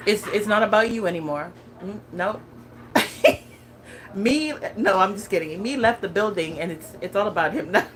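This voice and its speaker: A woman's voice: medium pitch, lively intonation, normal speed, a little hiss or hum, low-quality recording. A woman in her thirties chatting casually as a lifestyle vlogger, laughing often and talking with many fillers and restarts. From California. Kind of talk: casual chat.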